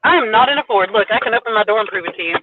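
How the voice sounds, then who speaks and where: A woman's voice: on the high side, lively intonation, very noisy. A woman chatting on a live stream in a teasing, chatty way, calling in by phone from her parked car at a lake. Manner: chatty, teasing, quick to laugh. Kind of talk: casual live-stream chat. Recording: tinny phone-line audio.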